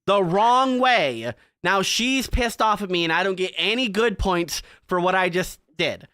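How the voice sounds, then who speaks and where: A man's voice: sits high, expressive, unhurried, pushed and bright, clear, resonant tone, no room sound. A man co-hosting a podcast in casual chat, animatedly retelling game scenes and acting out the characters' lines. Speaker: podcast co-host.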